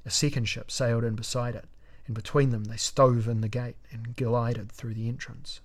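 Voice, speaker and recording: A man narrating a fantasy battle story in a measured, dramatic audiobook reading. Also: medium pitch.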